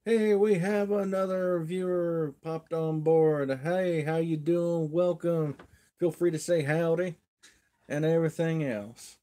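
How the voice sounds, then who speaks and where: Folksy rambling man, mellow voice. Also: a little high, steady tone, slow pace. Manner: rambling, folksy, chuckles often. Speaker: livestream host. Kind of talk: casual rambling storytelling.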